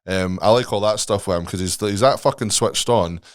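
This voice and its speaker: A man's voice: lowish voice, fairly quick, no echo, studio quality. A man, a guest on a podcast, rambling casually and swearing emphatically.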